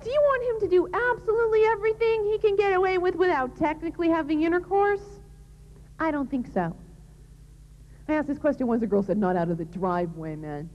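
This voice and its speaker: Her voice very high, expressive and brisk, a woman speaks to young people about chastity in a big hall, earnest, emphatic and plain in her manner. The recording is dull and lo-fi with reverb and a little hiss or hum.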